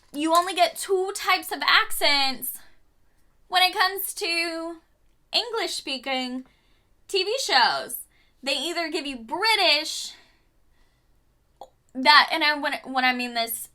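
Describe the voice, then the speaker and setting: High, bright-voiced woman ranting casually. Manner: blunt, swears, exasperated asides. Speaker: beauty vlogger. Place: home room doing makeup.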